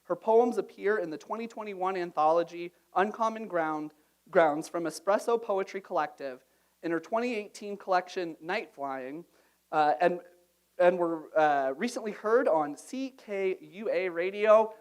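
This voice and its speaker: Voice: medium pitch, unhurried. Friendly emcee introducing the readers. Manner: friendly, informal introductions with fillers. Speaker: event emcee. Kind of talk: introducing readers at a literary event.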